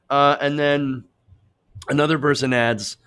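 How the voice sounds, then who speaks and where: A man's voice: fairly high pitch, fairly even intonation, slow pace, a bit bright. A man hosting a political commentary show, reading out posts and mocking them in a sarcastic, chatty way, laughing at his own jokes.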